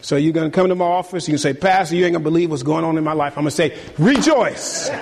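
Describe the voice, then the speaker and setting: A high-pitched man preaches in a church, his voice hanging in a long reverb. He speaks straight to the congregation and repeats his key words again and again for emphasis. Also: rapid-fire. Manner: animated preaching, repeats phrases, talks to the congregation. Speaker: pastor. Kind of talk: sermon. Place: church sanctuary.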